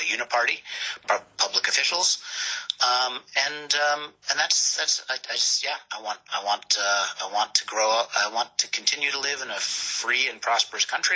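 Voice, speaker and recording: A man's voice: on the low side, pushed and bright, breathy edge, rough recording. A man from New York, talking as a guest in a casual conversation, hesitant, with many restarts. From New York, United States.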